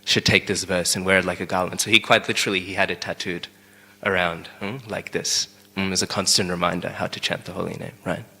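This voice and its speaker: Young man, low bright voice, casual scripture class, reverberant temple hall. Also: level tone, a little fast, gravelly, breathy edge. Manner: conversational, keeps asking "right?". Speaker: class speaker.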